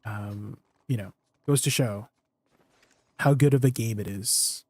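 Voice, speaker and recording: A man's voice: fairly low pitch, slow, a little mellow, no echo. A man chatting casually with his stream viewers, rambling and laughing often. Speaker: livestreamer.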